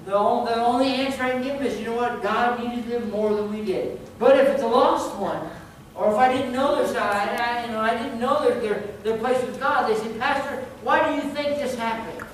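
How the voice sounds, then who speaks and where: A man's voice: very high voice, brisk, few pauses. A male pastor preaching a sermon in a conversational way, often restarting and repeating words as he goes. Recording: very echoey hall, distant mic, background noise.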